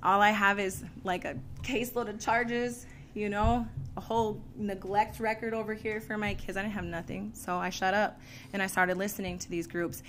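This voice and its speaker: A woman giving a candid, animated personal testimony to an audience, laughing often and using casual fillers. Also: mid-range voice, normal speed, a little hiss or hum. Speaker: speaker sharing a recovery story.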